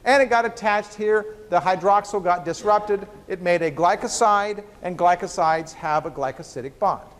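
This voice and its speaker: A man's voice: high voice, normal speed, few pauses. Man, biochemistry professor, university lecture, jokey, rhetorical questions, long hall reverb. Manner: joking, asks the class rhetorical questions.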